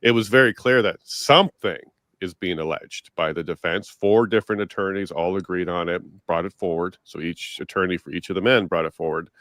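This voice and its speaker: A man with a very deep voice hosts an interview show, recorded dry and close. He talks earnestly, steering the discussion and working through quotes with his guest. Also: fairly quick, a bit bright, no echo. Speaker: host.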